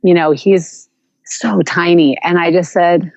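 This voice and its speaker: Earnest woman with a lowish voice. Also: steady tone, darkish tone, dry recording, highs cut off. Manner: earnest, reflective, halting with restarts. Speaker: podcast guest. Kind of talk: personal storytelling in a conversation.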